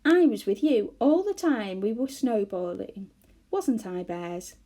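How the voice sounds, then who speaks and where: A woman reading a storybook aloud and voicing Goldilocks, an eager young girl, lifting her voice high. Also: lively intonation, slow pace, dark tone. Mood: earnest.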